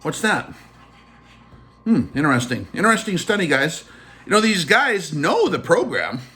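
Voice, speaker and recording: A man's voice: a little high, very animated, moderate pace, pushed and bright. A man hosting a casual vlog, telling a personal story in a chatty way full of fillers. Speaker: channel host.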